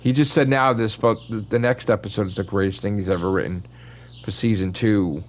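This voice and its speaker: A man's voice: lowish voice, fairly even intonation, a little fast, slight background noise. A man hosting his channel, ranting in casual fan commentary with blunt opinions and constant swearing. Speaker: channel host.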